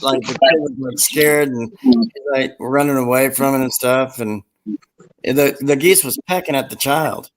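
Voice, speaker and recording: Casting: man, mid-pitched, rambling storyteller, casual podcast chat. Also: unhurried, rough recording. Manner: rambling, laughs at own stories.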